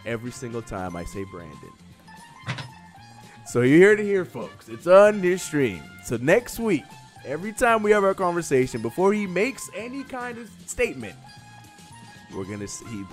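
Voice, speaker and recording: Guy hosting a stream quiz, super animated pitch, teasing, laughs a lot, faint music under it. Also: moderate pace. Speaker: show host running a quiz. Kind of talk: casual live-stream chat.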